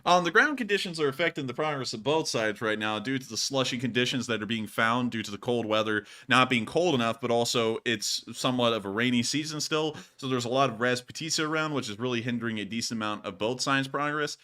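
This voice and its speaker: A man's voice: medium pitch, quick pace, few pauses, sharp tone. A man hosting a live news stream, answering viewer questions in a chatty, joking way, a little sleepy and yawning. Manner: chatty and joking, laughs often. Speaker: war news stream host.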